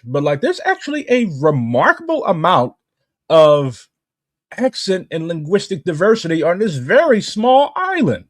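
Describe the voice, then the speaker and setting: A man's voice: fairly high pitch, huge pitch swings, moderate pace. An American man hosting an interview, hesitant and heavy on fillers. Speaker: host. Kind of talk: casual chat.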